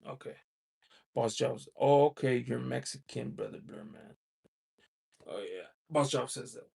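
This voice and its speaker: A man from the United States runs a casual livestream, his medium-pitched voice mellow yet slightly rough, with vocal fry and a measured pace. He rambles while reading viewer chat, says "you know" a lot, and keeps chuckling as he talks.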